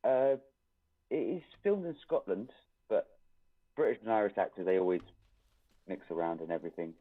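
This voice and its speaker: A man's voice: low voice, normal speed. A man who is a guest on a casual podcast explains things at length in a hesitant way. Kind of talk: casual chat. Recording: tinny phone-like remote line, distant.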